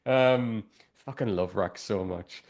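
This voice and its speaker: A man hosts a relaxed review chat, his voice sitting a little on the low side. He rambles freely, leaning on fillers and the odd curse as he works through his points. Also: a little fast. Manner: rambling, heavy use of fillers and profanity. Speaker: podcast host.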